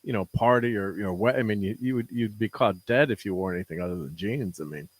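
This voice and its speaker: Low-voiced man chatting with chuckles. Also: fast talker. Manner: chuckling, meandering. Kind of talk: casual chat.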